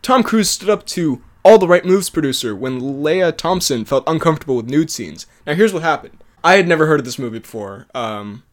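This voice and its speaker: A man's voice: on the high side, lively intonation, a little fast. A man co-hosting a podcast in casual chat, talking eagerly about movies and laughing often. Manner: chatty, laughs often, trails off and restarts. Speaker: podcast co-host.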